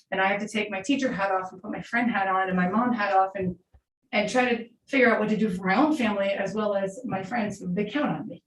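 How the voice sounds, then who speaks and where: Earnest teacher, echoey distant meeting room. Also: female voice, medium pitch, quick pace. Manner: earnest, heartfelt, unscripted storytelling. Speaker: middle school teacher giving public comment. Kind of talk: public comment at a school board meeting. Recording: echoey room, distant mic, faint hiss.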